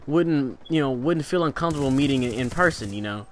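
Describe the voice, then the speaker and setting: A young man hosting a gaming channel, talking casually through tips, rambling with fillers and restarts, his pitch rising and falling for emphasis. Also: animated, brisk, a little hiss or hum. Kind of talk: casual instructional vlog talk.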